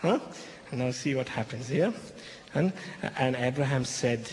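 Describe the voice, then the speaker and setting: A man's voice: medium pitch, lively intonation, measured pace, darkish tone, a little hiss or hum. A man preaching a sermon, retelling a scripture story in with emphatic stresses and frequent "okay?" checks to his listeners. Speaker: pastor. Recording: reverberant hall, faint ambience.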